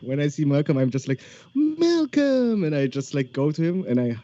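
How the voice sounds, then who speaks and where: A man's voice: mid-range voice, steady tone, fast, dark tone, no echo. A man playing a tabletop game, talking in a playful, rambling way. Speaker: player. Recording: dull lo-fi mic.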